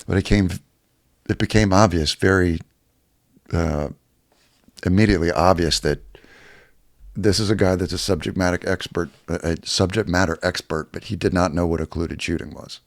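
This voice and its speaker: A man's voice: sits low, fairly even intonation, moderate pace, long pauses, dry recording, studio quality. A man telling a rambling, profane story on his own casual video channel. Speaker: YouTuber.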